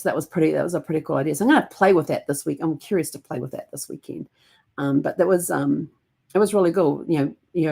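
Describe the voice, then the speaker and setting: A woman's voice: deep voice, vocal fry, a little mellow, husky. A woman with a New Zealand accent, chatting in a casual daily vlog in a rambling, meandering way that keeps correcting itself. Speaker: family history vlogger.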